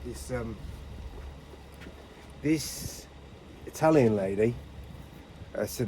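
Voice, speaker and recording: A man's voice: mid-range voice, measured pace, long pauses, a little mellow, a little hiss or hum, low-quality recording. A man, a window cleaner rambling casually to camera while working outdoors. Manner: chatty, rambling storytelling. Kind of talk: casual on-the-job rant to camera. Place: outdoors on a street job.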